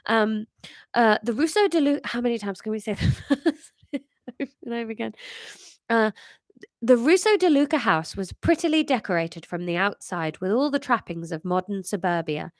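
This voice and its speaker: A woman's voice: a little high, lively intonation, normal speed, no echo, studio quality. Nasal, congested woman chatting. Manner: chatty, self-mocking, rambling asides with many fillers. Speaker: comedian host reading her own story. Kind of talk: casual live-stream chat and reading aloud.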